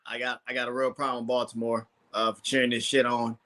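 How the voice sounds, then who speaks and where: A man's voice: mid-range voice, little pitch movement, fast talker, pushed and bright. A man co-hosting a casual wrestling podcast, telling stories in a giggly, profane way.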